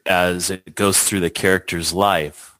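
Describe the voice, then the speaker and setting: Deep-voiced man discussing a film. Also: fairly even intonation, measured pace, a bit bright, no room sound, rough recording. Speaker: podcast guest.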